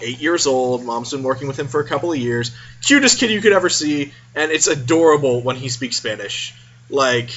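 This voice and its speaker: Man vlogger, higher bright voice, chatty comic storytelling, self-aware asides, dull lo-fi audio. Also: a little hiss or hum. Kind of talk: casual comic storytelling to camera.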